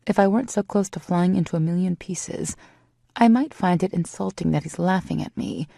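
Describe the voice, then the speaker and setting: The narrator is a woman whose lowish voice is dark, husky and full of fry, telling a first-person romance story steadily and intimately at normal speed. It's recorded close and dry, without any room sound.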